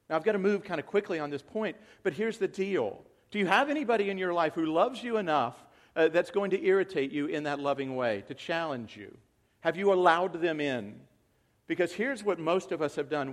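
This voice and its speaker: High-voiced male pastor preaching. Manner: conversational, acts out quoted voices, swings from hushed to loud. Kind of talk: sermon.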